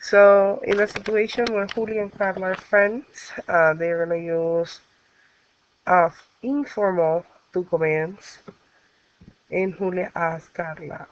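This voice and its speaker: A woman's voice: lowish voice, steady tone, takes it slowly, clean tone. A woman teaching a Spanish grammar lesson, explaining the rules step by step with patient fillers. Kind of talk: recorded classroom lesson. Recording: dull lo-fi recording.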